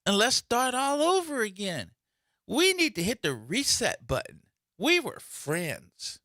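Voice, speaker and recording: Animated New radio host, high voice. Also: male voice, measured pace, no room sound, clean studio sound. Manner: playful, theatrical, mocking put-on voices. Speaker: radio talk show host. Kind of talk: animated commentary with mock skits.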